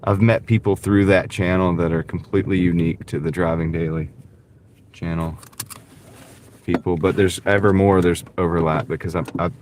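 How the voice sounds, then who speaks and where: A man's voice: low voice, steady tone, normal speed, darkish tone, slight background noise. Chatty man with a light Southern accent. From American South. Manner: rambling, chatty, reads and answers viewer comments. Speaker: delivery driver livestreamer. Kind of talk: casual livestream chat while driving. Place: in a car. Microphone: wireless clip-on mic.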